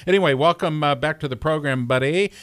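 A man's voice: a little high, fairly quick, no echo. A man hosting a motor racing radio talk show, with jokey, theatrical introductions.

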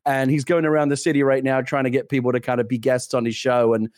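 Clean studio sound with no echo captures this middle-aged British co-host's medium-pitched, fast voice. In casual podcast chat he tells animated stories, laughing often and restarting a lot.

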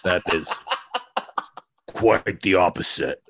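A man's voice: low-pitched, takes it slowly, over a noisy crowd, pitched below the performer's own voice. A man voicing a flustered older male professor who sputters and scolds himself.

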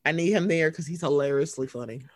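A woman co-hosting a casual podcast chat about reality TV, animated and profane, acting out quotes with her voice jumping up. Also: low-pitched, fast, no echo. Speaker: podcast co-host.

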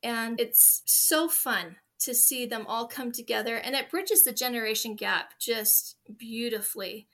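A woman's voice: fairly high pitch, unhurried, few pauses, a bit bright. A woman in her forties, a guest in an interview, telling earnest, heartfelt stories about her family. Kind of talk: interview conversation.

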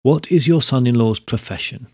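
A man voicing a coarse, arrogant, fat male letter-writer who talks in a pompous, hurried way, in a storybook reading. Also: medium pitch, mellow, husky, no room sound, clean studio sound, natural voice.

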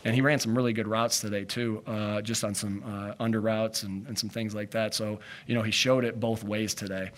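A man's voice: on the low side, flat delivery, normal speed, few pauses. A man, a head coach, answering questions at a postgame press conference, rambling with frequent restarts and fillers.

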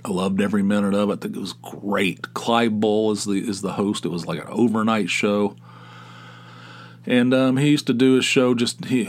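A man hosts his own podcast in a casual, meandering way. He stammers through restarts and makes self-deprecating asides, his voice sitting a little low. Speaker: podcast host. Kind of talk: casual solo podcast talk.

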